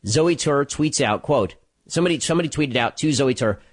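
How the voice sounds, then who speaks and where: A man delivering a solo commentary monologue, telling a story quickly with restarts and sarcastic, mocking asides. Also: medium pitch, animated. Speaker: political commentator.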